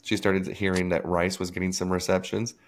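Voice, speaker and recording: A man with a low, monotone voice speaks a little fast, with slight background noise. As a podcast co-host in casual chat, he tells a story, acting out what others said and laughing as he quotes them.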